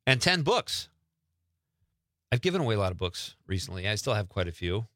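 A man's voice: on the low side, very animated, fairly quick, bright, forceful tone, dry recording, studio quality. A man hosting a show, chatting casually and joking at his own expense. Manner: chatty, joking, self-deprecating. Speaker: show host. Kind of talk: casual radio-style chat.

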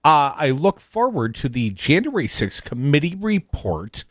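A man co-hosts a political call-in radio show, his voice fairly high and swinging widely in pitch. He reads out news and texts with punchy emphasis. The studio sound is dry and close. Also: sing-song, measured pace, no room sound.

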